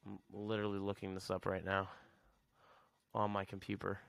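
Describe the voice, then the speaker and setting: A man's voice: low-pitched, monotone, normal speed, gravelly, a bit bright, clear, resonant tone, no echo. A man hosting a podcast, rambling sarcastically in a casual solo rant and chuckling at his own jokes. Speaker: podcast host.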